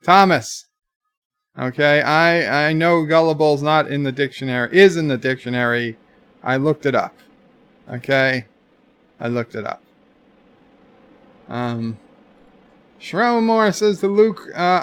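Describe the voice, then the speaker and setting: A man's voice: medium pitch, a little slow, long pauses, fairly bright tone, clear, resonant tone. A man hosting a livestream in a casual chat-reading style, reading viewers' messages aloud and answering with dry jokes. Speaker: livestream host.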